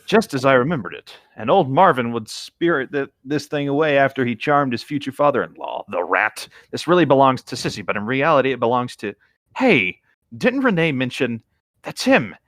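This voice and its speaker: A man's voice: mid-range voice, very animated, moderate pace, fairly bright tone, dry recording, clean studio sound. Wry male co-host reading aloud. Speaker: podcast co-host.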